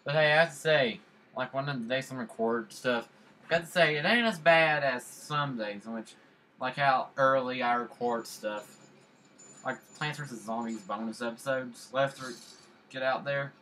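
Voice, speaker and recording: A man talks through a puzzle game in casual let's play commentary. His voice is bright and sharp at an average pitch. He rambles, jokes and repeats silly phrases over and over. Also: moderate pace, a little hiss or hum, rough recording. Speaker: gamer.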